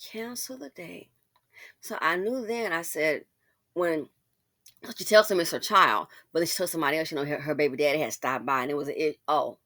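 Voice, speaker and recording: A woman's voice: deep voice, brisk, bright, forceful tone, dry recording, studio quality. A woman hosting a casual commentary, talking straight to her listener in a sassy, outspoken way. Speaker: commentary channel host.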